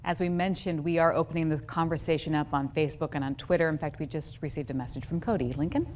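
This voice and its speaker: A woman news anchor presenting a scripted segment in a composed, deliberate way. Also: low voice, fairly even intonation, a little mellow, soft background music.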